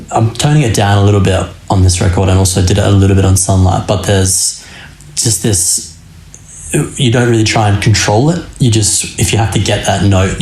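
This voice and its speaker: Young man, band singer, low voice, rambling podcast talk, echoey room. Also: darkish tone. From Australia. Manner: rambling, loose, many fillers and restarts. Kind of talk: casual podcast chat. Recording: roomy echo.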